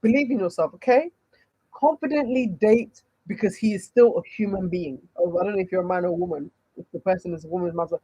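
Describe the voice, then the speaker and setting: A woman's voice: lowish voice, a little fast, mellow, slightly rough, no echo, low-quality recording. Nigerian lady dating coach on a livestream, punchy and emphatic, dry close sound. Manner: emphatic, repeats points with rhetorical questions. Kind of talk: livestream Q&A reading chat questions.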